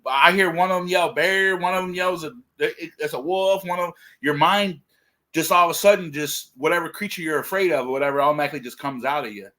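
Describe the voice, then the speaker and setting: A man's voice: a little high, quick pace, sharp tone. Rambling man full of "like" and "dude". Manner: rambling, filler-heavy, says "like" and "dude" often. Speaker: co-host. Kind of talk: casual livestream chat.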